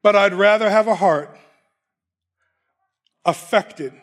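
A man's voice: high-pitched, slow. A man preaching a sermon, emphatic, repeating key phrases and laughing between points.

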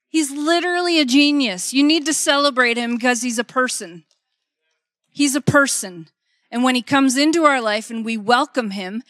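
A middle-aged woman preaching in a conversational, heartfelt way, with a fairly high voice. She leans on emphasis, says key lines twice and keeps checking in with "okay?". The sound is close and dry, with no room echo. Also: a bit bright. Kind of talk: conversational sermon.

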